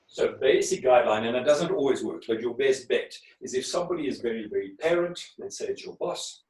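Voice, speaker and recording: A man's voice: mid-range voice, darkish tone. A man teaching communication skills in an online class, often checking in with his listeners through rhetorical questions. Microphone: video call. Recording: echoey room over a video call.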